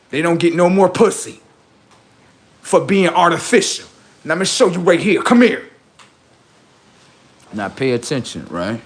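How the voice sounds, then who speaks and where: Man, livestream host, rather high voice, taunting, heavily profane, boastful.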